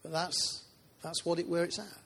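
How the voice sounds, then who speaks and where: Man, preacher, church sermon, informal asides, husky voice. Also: fairly high pitch, little pitch movement, moderate pace, sharp tone. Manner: chatty, informal, asides to congregation.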